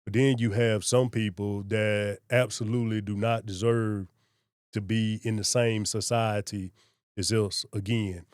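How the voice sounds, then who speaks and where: A man, a sheriff being interviewed, who speaks in a slow, measured and earnest way. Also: lowish voice, little pitch movement, clear, resonant tone, dry recording, clean studio sound. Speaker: sheriff, guest. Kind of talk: casual interview conversation.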